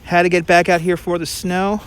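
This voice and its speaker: A man's voice: sits high, flat delivery, clear, resonant tone. A man with a Brooklyn accent, a tour guide chatting casually on a livestream as he walks through a snowy park. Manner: chatty, quick, with frequent restarts and laughs. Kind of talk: casual livestream chat while walking.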